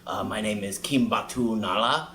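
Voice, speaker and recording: A man's voice: on the low side, moderate pace, sharp tone. A man introducing himself as a tabletop player, hesitant and full of small fillers. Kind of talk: casual chat. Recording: roomy echo.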